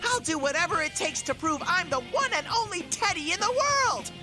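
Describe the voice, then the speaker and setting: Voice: extremely high pitch, big pitch swings, normal speed, over music. An actor playing an earnest, cheerful mascot boy in a game, eager and stammering when flustered. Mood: determined.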